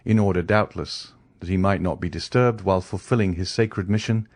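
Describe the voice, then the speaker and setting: A man reads a classic novel aloud in a measured, even manner. His voice is low. The recording is dry and close. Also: no echo. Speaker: audiobook narrator. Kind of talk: scripted narration.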